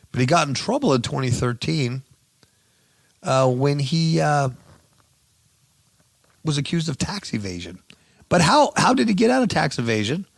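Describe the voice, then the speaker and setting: A man's voice: mid-range voice, creaky, dry recording, clean studio sound. A man hosting a radio show, giving sarcastic, mocking commentary on news stories.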